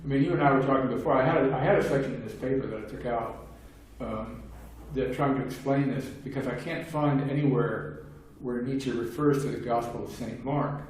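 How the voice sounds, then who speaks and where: A man's voice: mid-range voice, fairly even intonation, brisk, hardly any pauses. Older man lecturing in an echoey room. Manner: discursive, many restarts and fillers, acts out quoted voices. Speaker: philosophy lecturer. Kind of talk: seminar talk. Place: seminar room. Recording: very echoey room, distant mic, faint hiss.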